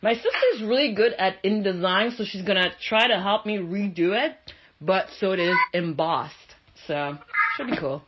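A woman's voice: medium pitch, moderate pace, heavy background noise. A woman hosting a podcast, telling stories in a chatty, self-mocking way with playful jokes. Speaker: podcast host. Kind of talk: casual podcast chat.

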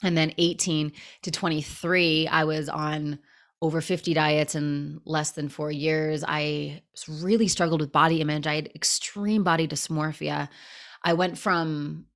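A woman in her thirties, a podcast guest telling stories in a lively, casual way and acting out what people said. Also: sits low, measured pace. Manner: animated storyteller, acts out quotes. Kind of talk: casual storytelling interview.

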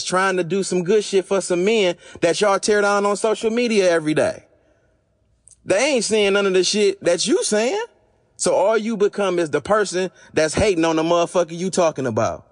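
Hoarse man ranting bluntly on a podcast. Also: high-pitched. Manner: blunt, profane, exasperated ranting. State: losing his voice. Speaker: podcast host. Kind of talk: unscripted podcast monologue.

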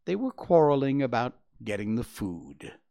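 A man doing a calm patient mother doe. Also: medium pitch, normal speed. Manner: calm, brief, reassuring.

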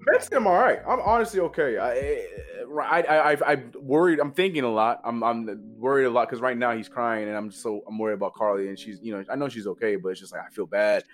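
A man co-hosting a casual podcast chat, talking about home life with many quick restarts. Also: medium pitch, fairly even intonation. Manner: fast-talking, restarts while explaining. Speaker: podcast co-host.

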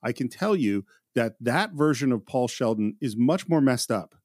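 A man hosting a casual film-discussion podcast, animated and often restarting his sentences. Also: mid-range voice, normal speed, no echo, clean studio sound. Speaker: podcast host.

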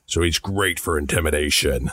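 A man voicing a stoic, gruff blue dragonborn warrior. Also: normal speed, fairly bright tone, no room sound. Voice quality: gruff, low.

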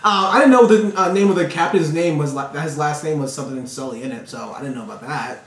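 Podcast co-host, male, slightly high voice, rambling casual delivery, roomy distant mic. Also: fast, a bit bright, a little hiss or hum. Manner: rambling, heavy use of fillers like "like". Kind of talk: casual chat. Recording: echoey room, far from mic.

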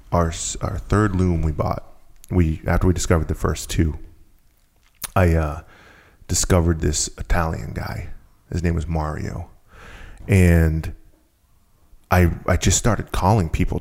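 A man with a very deep, gravelly voice tells a story as a guest in a relaxed conversation. He talks with energy and often restarts or repeats his phrases as he goes. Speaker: guest telling a business story.

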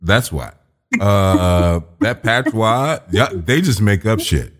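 Deep-voiced American man, blunt and joking. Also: lively intonation, takes it slowly. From United States. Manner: blunt, joking, swears freely. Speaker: podcast host. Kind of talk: casual interview chat.

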